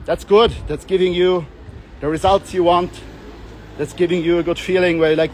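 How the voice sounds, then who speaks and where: Man, young adult, high-pitched voice, casual coaching monologue, joking and rambling, acts out voices. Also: fairly even intonation, moderate pace, slight background noise. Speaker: self-development coach. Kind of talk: casual monologue with playful voice demonstrations.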